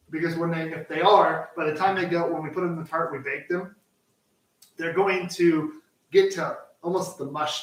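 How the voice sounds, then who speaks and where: A man co-hosting a live cooking show, chatting loosely with lots of fillers and restarts while he cooks. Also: a little high. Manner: rambling, full of fillers and restarts. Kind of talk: casual chat while cooking. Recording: roomy, distant mic, faint noise.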